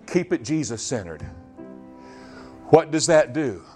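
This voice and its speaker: A man preaching a sermon in a church on a microphone, swinging from high, loud passages to low, quiet asides, his voice going hoarse. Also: sing-song, unhurried, faint music behind. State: losing his voice. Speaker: pastor. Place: church sanctuary. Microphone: handheld or stage microphone.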